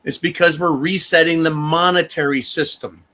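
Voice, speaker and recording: Male livestream host, bright and somewhat high voice, emphatic, blunt and profane. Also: moderate pace. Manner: emphatic and animated, addresses viewers as folks, swears freely. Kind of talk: casual livestream commentary.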